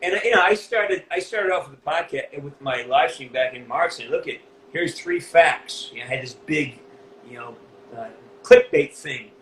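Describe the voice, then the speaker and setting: A middle-aged man from New England with a Northeastern US accent, speaking as an interview guest, blunt and animated, with a lot of swearing. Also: fairly high pitch, moderate pace, echoey room, slight background noise, rough recording. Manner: blunt, profane, animated storytelling. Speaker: voice actor guest. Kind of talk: candid interview.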